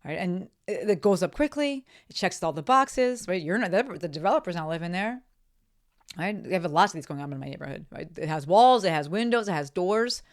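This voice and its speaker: A woman's voice: lowish voice, lively intonation, brisk. A woman hosting her own podcast, talking alone in a casual, blunt way, swearing freely and often tossing in "right?" to check in with listeners. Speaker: podcast host. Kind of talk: solo podcast monologue. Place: home office by a window.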